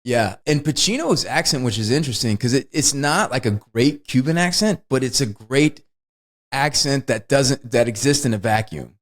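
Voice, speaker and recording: This podcast co-host talks about a movie in a relaxed, excited way, laughing partway through his anecdotes. He has a mid-range male voice, lively intonation and a moderate pace.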